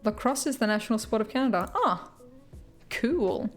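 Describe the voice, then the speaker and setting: A woman's voice: on the high side, animated, normal speed, soft background music. A young Australian woman chatting on a live stream, answering viewer comments and laughing often. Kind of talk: casual live-stream chat. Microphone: headphones with mic.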